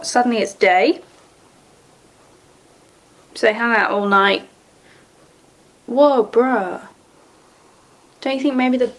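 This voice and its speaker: A woman, casually commenting on a TV episode as she watches, sarcastic and quick to swear and laugh. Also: fairly high pitch. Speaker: TV episode reactor.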